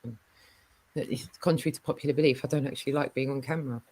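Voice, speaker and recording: A woman hosting a casual livestream chat, giving shout-outs and telling stories with lots of fillers. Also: a bass voice, steady tone, fast talker, poor audio. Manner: chatty, warm shout-outs, many fillers. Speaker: livestream host.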